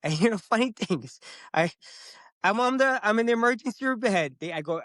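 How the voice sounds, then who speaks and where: High-pitched and brisk, a middle-aged man speaks with no echo. He's a guest on a podcast, casually and animatedly telling a personal story while acting out the words he used at the time.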